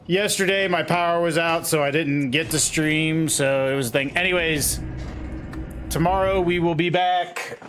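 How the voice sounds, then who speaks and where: A man's voice: medium pitch, a bit bright, slight background noise. A man in his forties, a game streamer, chatting casually with his viewers in an easygoing way and greeting them by name. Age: 40s. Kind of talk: casual live-stream chat.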